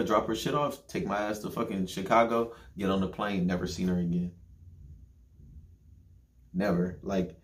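A young man casually telling a long personal story, profane and slangy, getting animated as he quotes people. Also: on the low side.

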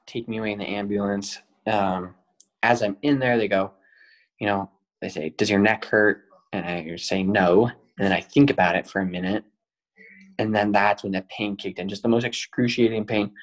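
Low-voiced young man telling a story. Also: low-quality recording. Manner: detailed, earnest storytelling with many fillers. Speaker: guest. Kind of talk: personal storytelling on a podcast.

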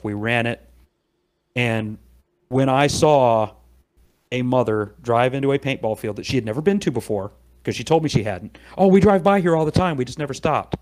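A middle-aged man talking on a podcast, telling an animated story. He acts out the people he quotes as he goes. His pitch sits in the middle for a man. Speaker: podcast guest. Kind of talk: casual storytelling chat.

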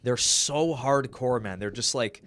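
A young man chatting casually on a podcast, rambling through his stories with plenty of fillers. His voice sits at a middle pitch, and he bursts into loud laughter at his own jokes. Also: unhurried, slight background noise. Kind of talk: casual chat.

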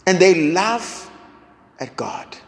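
A man preaching a sermon, slow and dramatic, building through repeated rhetorical questions. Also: high voice, sing-song, gravelly. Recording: long hall reverb.

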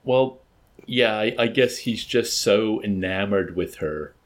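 A man's voice: fairly low pitch, slow. A man reading a novel aloud and then discussing it in a hesitant, thoughtful way.

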